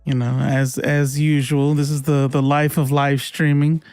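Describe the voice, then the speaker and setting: A man's voice: a little high, little pitch movement, a little slow, a little mellow, no echo, faint music behind. A young adult man hosting a casual livestream, chatty and laughing as he fumbles with his stream settings and swears now and then. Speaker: livestream host.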